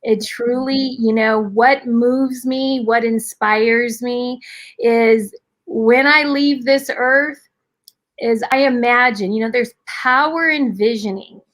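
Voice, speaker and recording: A woman's voice: on the high side, steady tone, slow pace, a bit bright. A middle-aged woman mentor speaking earnestly and emotionally in a live online interview. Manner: earnest, emotional, faith-driven. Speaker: coach and mentor for women.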